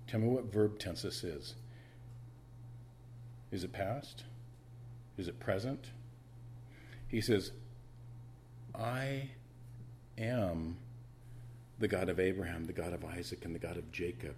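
A man preaching a sermon to his church, animated, swinging between loud bursts and hushed asides, with frequent stammering restarts. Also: sits low, takes it slowly, pauses often, slight background noise. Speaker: pastor.

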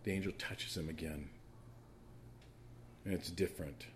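A man preaching a sermon to his church, moving between quiet conversational asides and loud, emphatic stretches, often asking the congregation questions. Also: low voice, fairly even intonation, measured pace, a little hiss or hum. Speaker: pastor.

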